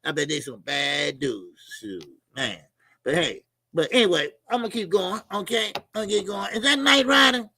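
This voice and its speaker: A man's voice: sits high, animated, moderate pace, pushed and bright, slightly rough, no echo, studio quality. A middle-aged man hosts a casual boxing livestream. He talks loose and profane, laughs a lot and reads out viewer comments and donations.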